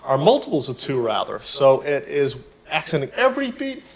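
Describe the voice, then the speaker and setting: A man giving a piano tutorial, explaining technique in a relaxed, explanatory way. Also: on the high side, moderate pace, poor audio. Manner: relaxed, explanatory, counts beats aloud while playing. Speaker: piano teacher. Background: piano playing.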